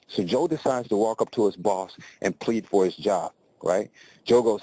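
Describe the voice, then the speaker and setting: A man's voice: fairly low pitch, normal speed, warm tone, slightly rough, no echo, rough recording. A man telling a motivational story in a conversational way, often checking in with tag questions.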